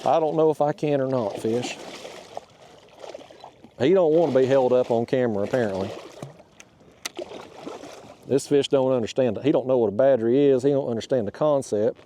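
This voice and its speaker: A man's voice: mid-range voice, normal speed, pauses often, mellow, a little hiss or hum. A man hosting a fishing vlog from a kayak outdoors. He talks in a folksy, chatty way and speaks to the fish while recorded on a boat-mounted camera. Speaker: kayak fishing channel host. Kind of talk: casual on-the-water vlog talk.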